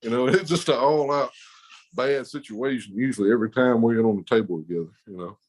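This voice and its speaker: A man's voice: mid-range voice, quick pace, a little mellow, poor audio. A man telling a rowdy story on a podcast in a rambling, profane way, laughing often. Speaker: podcast guest. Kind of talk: casual storytelling.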